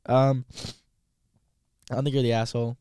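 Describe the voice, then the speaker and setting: A man's voice: medium pitch, level tone, moderate pace, darkish tone, clear, resonant tone, no room sound, studio quality. A man hosting a podcast, giving blunt, rambling, casual commentary with a profane edge. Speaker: podcast host.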